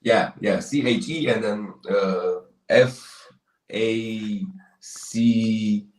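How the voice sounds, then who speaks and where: Young man, Romanian accent, low-pitched, patient teacher, easygoing stream banter. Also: fairly even intonation, drawn-out words. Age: young adult. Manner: patient, teaching, laughing often. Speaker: streamer guest. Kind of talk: casual chat on a stream.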